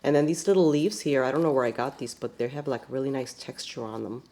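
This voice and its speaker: A woman talks casually through her scrapbook pages, stopping and restarting with plenty of fillers. Her voice sits very low in pitch. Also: quick pace, mellow. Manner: chatty, rambling, many fillers. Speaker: scrapbook crafter. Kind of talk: casual show-and-tell.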